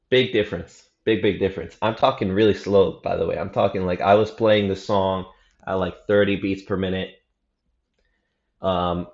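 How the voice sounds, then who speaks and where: A young man with a very low voice talks through his practice in a loose, rambling way, slangy and self-correcting. The sound is roomy and a little dull, like a home room recorded without much care. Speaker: practice vlogger. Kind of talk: casual practice report.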